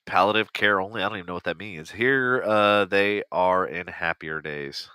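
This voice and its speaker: A man's voice: low-pitched, moderate pace, pushed and bright, clean tone, dry recording. A man co-hosting a podcast, reading posts aloud in casual chat, swearing freely and laughing along. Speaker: podcast co-host.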